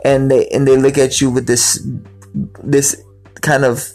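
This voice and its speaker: Faint music sits under this man's casual talk about his life. His mid-range voice has a darkish tone, and his delivery is flat and measured. He wanders off track, says words more than once, and performs the greetings he quotes.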